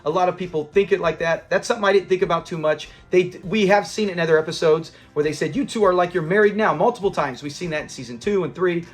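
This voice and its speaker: A man hosting a review channel, casually recapping a sitcom episode, animated and acting out the characters' lines with bursts of laughter. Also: sits high, quick pace, hardly any pauses. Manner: animated, acts out quoted lines and laughs while retelling.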